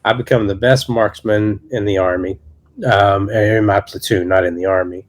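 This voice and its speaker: In a podcast interview, a man in his thirties who serves as associate pastor recounts his testimony with sincere, faltering speech full of restarts. His voice leans low, and the tone holds steady throughout.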